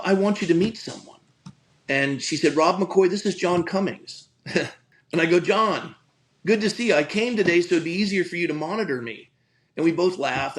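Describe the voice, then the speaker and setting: A man's voice: on the high side, rough recording. A middle-aged man, a pastor, telling a personal story in an earnest, conversational way, often restarting his sentences. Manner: earnest, frequent restarts and stammered repeats.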